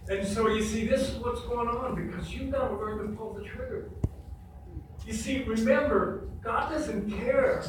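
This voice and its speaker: High-voiced preacher in an echoey hall. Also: male voice, unhurried. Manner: emphatic, repetitive, quizzes the congregation. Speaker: pastor. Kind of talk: sermon. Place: church sanctuary. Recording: echoey hall from far off, faint noise.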